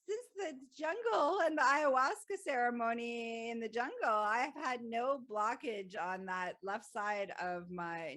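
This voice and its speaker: A woman hosting a podcast, telling a personal story in an animated way, laughing often and swearing freely. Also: mid-range voice. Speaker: podcast host.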